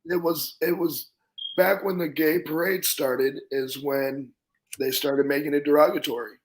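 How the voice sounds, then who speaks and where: Man, 50s, show host, gravelly, plain-spoken and opinionated. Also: fairly high pitch, fairly even intonation, measured pace. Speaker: podcast host. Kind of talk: casual chat.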